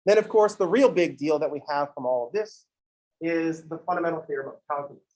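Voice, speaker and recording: A man lectures a math class in a relaxed, conversational way, and he wanders off into playful asides. His voice sits a little high for a man. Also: brisk, low-quality recording. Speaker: math teacher.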